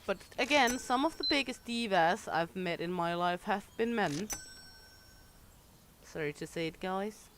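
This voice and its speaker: A slightly slow, medium-pitched voice with a bit of brightness belongs to a young Danish-native game streamer, heard over slight background noise. She chats casually with viewers, playfully bawdy, laughing and swearing freely.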